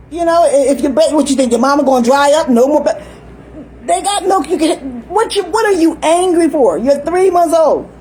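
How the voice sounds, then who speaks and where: A woman's voice: high-pitched, expressive, moderate pace, warm tone, a little hiss or hum, poor audio. An older woman talking in a rambling, chatty monologue, often laughing and acting out little voices. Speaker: vlogger.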